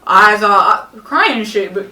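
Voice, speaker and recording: Young woman, podcast guest, bright sharp tone, animated and profane storyteller, recorded from a distance. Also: mid-range voice, unhurried. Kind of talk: casual storytelling. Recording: roomy echo, distant mic.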